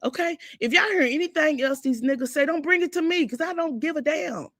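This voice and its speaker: A woman's voice: sits high, brisk, a bit bright, no echo, clean studio sound. An older woman hosting a livestream, talking bluntly and defiantly to her viewers. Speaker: livestream host. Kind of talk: heated livestream talk.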